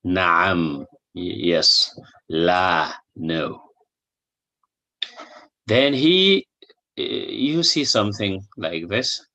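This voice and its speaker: A man's voice: low-pitched, lively intonation, very slow, long pauses, bright, forceful tone, lo-fi sound. A man teaching a recorded language lesson, explaining patiently, repeating each example and checking understanding with a questioning "hmm?". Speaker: Arabic teacher.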